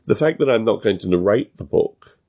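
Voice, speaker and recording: A man with a non-American English accent hosting his own podcast, musing aloud in a casual solo talk with halting restarts. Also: lowish voice, expressive, dark tone. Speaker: podcast host.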